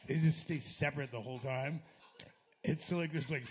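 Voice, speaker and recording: A man's voice: medium pitch, steady tone, normal speed, breathy edge. A man in his forties, a touring musician, telling a rambling, profane story on a club stage into a stage mic, laughing often.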